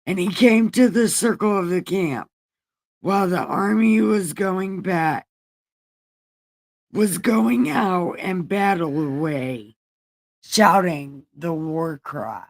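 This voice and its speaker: Slow irreverent woman reading scripture. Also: lowish voice. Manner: profane slangy paraphrasing, asides to viewers. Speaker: livestream host reading scripture.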